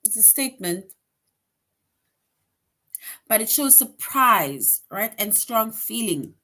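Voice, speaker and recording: A woman teaching a grade-school grammar lesson online. She explains patiently, keeps checking in with "right?", and slows down to stress example sentences. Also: fairly high pitch, big pitch swings, pushed and bright. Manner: explains patiently, tag question "right?" after most points; reads example sentences slowly with emphasis.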